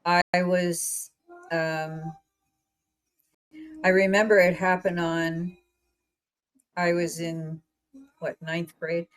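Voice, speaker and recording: Podcast host: a woman from central Pennsylvania with a lowish voice, rambling but lively storyteller. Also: very slow, pauses often, clean tone, rough recording. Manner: chatty, meandering, animated. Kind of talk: casual storytelling chat.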